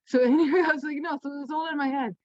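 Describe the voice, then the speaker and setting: Animated, swearing woman medium. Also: high-pitched, very fast, dry recording. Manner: animated, profane, laughing storyteller. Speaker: guest, spiritual medium. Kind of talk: casual interview storytelling. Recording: dull lo-fi sound.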